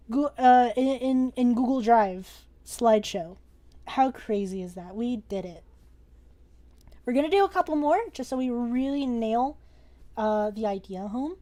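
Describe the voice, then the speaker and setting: Teaching a laid-back drawing lesson over live stream, a young woman speaks in a voice that's a little high. She's excitable and jokey, swearing casually as she goes.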